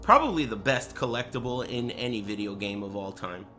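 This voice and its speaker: A man's voice: medium pitch, lively intonation, fairly quick, pushed and bright, soft background music. A man streaming live, chatting casually with crude, joking, rambling banter. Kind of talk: casual livestream chat.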